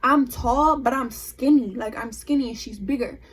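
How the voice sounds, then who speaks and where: A young woman vlogger telling a storytime tale in an animated, emphatic way. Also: on the high side, normal speed, noisy background. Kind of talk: storytime vlog.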